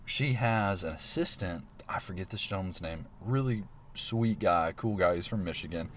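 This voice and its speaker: A man's voice: deep voice, moderate pace, a little hiss or hum. A man, animatedly telling a story in casual podcast chat, laughing often. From Alabama. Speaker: podcast guest.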